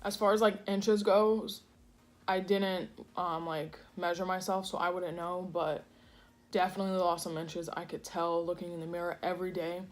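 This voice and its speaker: Her voice sits lowish, with a level tone and a moderate pace. She's a food vlogger chatting loosely over a meal in her home kitchen, rambling and restarting often amid plenty of fillers.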